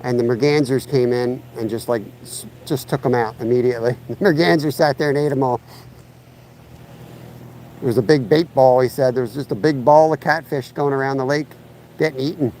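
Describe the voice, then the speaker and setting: A man's voice: mid-range voice, fairly even intonation, fairly quick, a little mellow, a little hiss or hum, low-quality recording. Chatty guy streaming live while fishing. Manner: rambling and chatty, talks to viewers in chat. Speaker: fishing livestream host. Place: outdoors by a lake and creek. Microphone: chest-mounted camera mic.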